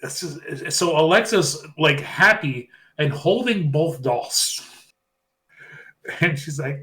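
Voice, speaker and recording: A man's voice: a little high, takes it slowly. A man co-hosting a podcast, casually recapping a show and acting out what people said. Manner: animated retelling, acting out quotes. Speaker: podcast co-host. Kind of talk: casual wrestling recap chat.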